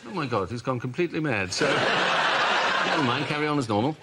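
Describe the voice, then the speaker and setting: A man's voice: medium pitch, expressive, fast, close to an everyday voice. A man playing a posh, awkward British prime minister, plummy and flustered. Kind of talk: improvised comedy sketch. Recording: noisy studio with audience laughter.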